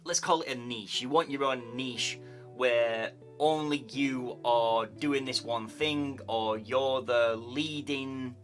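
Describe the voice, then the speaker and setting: This tattoo artist talks casually to camera in a slow, mid-range, slightly bright voice over soft background music. Tired and yawning, he gives tips in a YouTube advice style, repeating words chattily as he thinks aloud.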